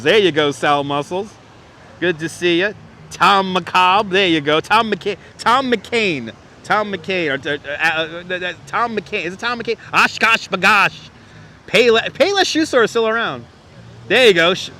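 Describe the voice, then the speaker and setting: A man's voice: sits high, pushed and bright. Chatty New York man streaming outdoors. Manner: chatty, reminiscing, laughs often, repeats phrases. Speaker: livestream host. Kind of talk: casual live-stream chat reading comments. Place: outdoors on a city street. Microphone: wireless clip-on mic.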